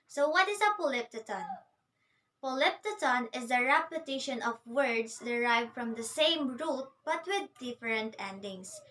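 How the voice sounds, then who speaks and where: A woman's voice: high-pitched, pushed and bright, far from the mic. A woman teacher giving a recorded literature lecture, patiently explaining and answering her own questions.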